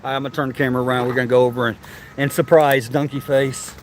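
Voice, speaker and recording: The zoo-touring vlogger keeps up a casual live-stream chat outdoors, laughing, repeating himself and slightly winded from walking. He talks fast in a mid-range voice with little pitch movement, and a little hiss or hum is audible.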